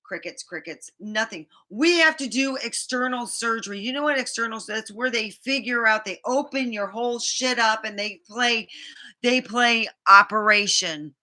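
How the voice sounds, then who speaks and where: A woman's voice: on the high side, moderate pace, sharp tone. A woman vlogger ranting to the camera, frustrated, rambling and swearing often. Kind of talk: venting to camera.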